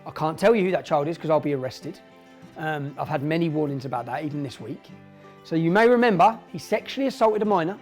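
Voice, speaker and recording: A man's voice: fairly high pitch, expressive, fast, a little mellow, faint music behind. A middle-aged English man with an emphatic, indignant and repetitive way of talking, speaking straight to camera in a monologue. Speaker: online commentator.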